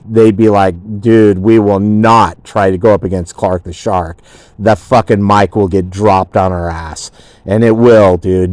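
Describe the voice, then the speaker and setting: A brash man hosting a talk radio show and bragging about himself in a loose, rambling stream. His voice sits a little low. It is recorded dry and close, with no room around it. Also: darkish tone, no room sound. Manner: boastful, swaggering, profane, rambling.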